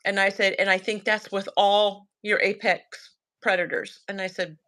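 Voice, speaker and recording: Woman, Southern accent, bright tone, casual storytelling, animated. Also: mid-range voice, normal speed. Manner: animated, quotes her son and herself, laughs often. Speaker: guest telling a sighting story.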